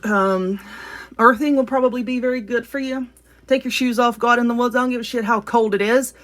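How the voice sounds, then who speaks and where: A woman's voice: fairly high pitch, fairly even intonation, a little fast, fairly bright tone. A woman with a Southern US accent giving a casual spoken card reading, talking earnestly and directly to the viewer. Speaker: tarot reader.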